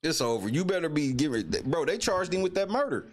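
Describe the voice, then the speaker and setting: A man hosts a casual live stream. He rants loosely and profanely and breaks off to greet chatters. His voice sits fairly high and swings widely in pitch. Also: fairly quick. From Indiana. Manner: profane, animated ranting; greets chatters mid-rant. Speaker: livestream host.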